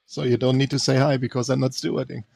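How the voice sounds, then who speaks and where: Co-host: man, gravelly voice, dry understated delivery. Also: medium pitch, level tone, fast talker, a little mellow, no echo. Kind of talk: casual live-stream chat.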